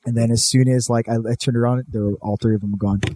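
A man's voice: medium pitch, fairly even intonation, fast talker, mellow, slight background noise. Profane, rambling young man telling a story. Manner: profane, rambling, says "dude" a lot. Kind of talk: casual storytelling chat.

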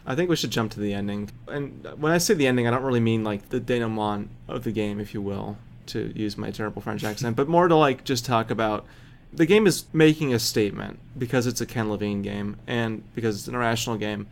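Gravelly low-voiced man hosting a podcast. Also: a little fast. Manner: thoughtful, rambling, laughs easily. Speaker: podcast host. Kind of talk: casual podcast discussion.

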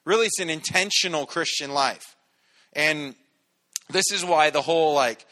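A man's voice: medium pitch, moderate pace, pushed and bright. A male pastor, preaching in a casual, conversational way and playfully acting out little voices to make his points. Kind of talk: casual sermon. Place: church sanctuary.

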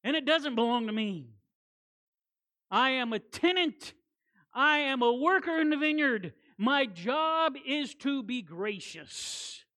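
A woman preaching a sermon as guest preacher, animated, repeating words for emphasis, with conversational folksy asides. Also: high-pitched, takes it slowly.

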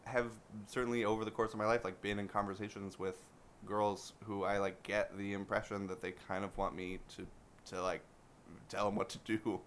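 A man co-hosting a podcast, chatting casually in a rambling, halting way with many fillers. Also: lowish voice, little pitch movement, a bit bright, slight background noise. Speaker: podcast co-host. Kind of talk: casual chat.

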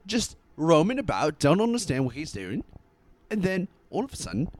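An excitable British bloke tells a rambling tale in put-on slang, as a man plays him. His mid-range voice leaps up and down in pitch. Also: normal speed. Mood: baffled.

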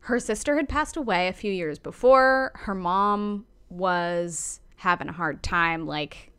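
A woman casually recounting a historical woman's life to a co-host, animated and loose, with light swearing. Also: fairly low pitch, takes it slowly, clear, resonant tone. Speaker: podcast co-host telling a life story. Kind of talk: casual storytelling chat.

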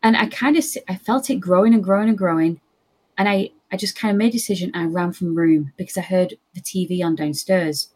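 A young woman telling a spooky personal story in casual chat, lively and quoting others. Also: on the low side, fast, breathy edge. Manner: animated, quotes others in voices.

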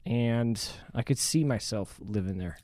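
A man's voice: medium pitch, a little slow, mellow, no echo, clean studio sound. A man co-hosting a casual podcast chat, laid-back and hesitant, with fillers and short replies. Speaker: podcast co-host.

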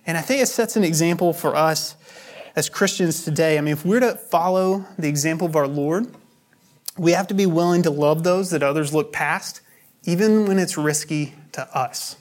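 A man's voice: on the high side, moderate pace. A man preaching a sermon as pastor, explaining scripture in a conversational, teaching way.

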